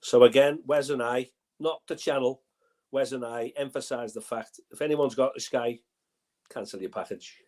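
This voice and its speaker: An older man co-hosting a football fan chat, animated, with pushy asides. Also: medium pitch, moderate pace. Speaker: fan channel co-host.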